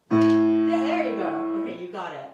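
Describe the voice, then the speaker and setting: A female piano teacher gives a one-on-one lesson in an indoor room with a piano, patiently explaining each step and checking that her student understands. Her voice is lowish. The sound is lo-fi and very echoey, picked up by a distant mic.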